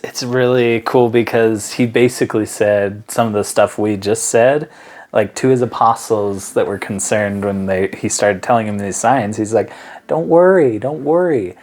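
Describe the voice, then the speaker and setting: A man's voice: on the low side, level tone, normal speed, a little mellow. Earnest, rambling young-sounding man. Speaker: podcast co-host. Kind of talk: casual religious discussion.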